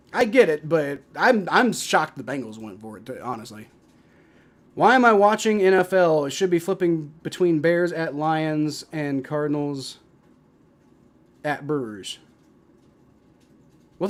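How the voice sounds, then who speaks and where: A young man hosting a live football stream, mixing play-by-play calls with casual, profane replies to his chat, loud on big plays and mumbling in between. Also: high-pitched. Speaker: livestream host doing play-by-play.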